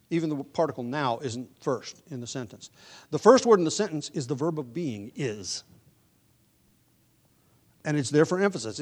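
A man's voice: medium pitch, a little mellow. A man preaching an expository sermon, explaining grammar patiently with frequent restarts, then building to emphatic stress on key words. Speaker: pastor.

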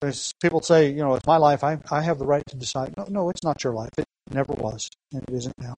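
A man's voice: fairly high pitch, fast, darkish tone, no echo, poor audio. A man preaching a sermon, teaching earnestly with rhetorical questions and emphatic repetition, reading scripture aloud. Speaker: pastor.

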